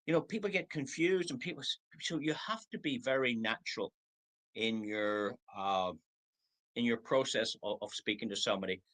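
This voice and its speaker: Bright-voiced man in his sixties coaching. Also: medium pitch, normal speed, rough recording. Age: 60s. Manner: acts out prospects' replies in quoted voices. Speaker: network marketing trainer. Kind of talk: motivational training talk. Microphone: video call.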